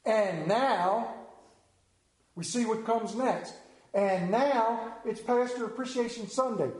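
A male pastor preaches with dramatic swings, acting out lines loudly and then dropping to a hush. His voice sits on the high side but sounds mellow. The sound carries the echo of a church room. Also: slow pace. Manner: dramatic preaching, shifting from loud to hushed. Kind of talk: sermon.

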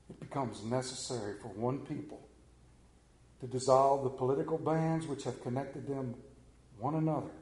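A man preaching a sermon, moving between hushed scripture reading and loud exclamations, with joking asides to the congregation. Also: mid-range voice, reverberant. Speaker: pastor.

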